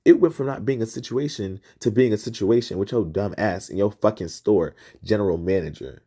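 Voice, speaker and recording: Man, podcast host, heated rant, profane, repetitive, husky voice, low pitch. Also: brisk. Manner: rising pitch when excited.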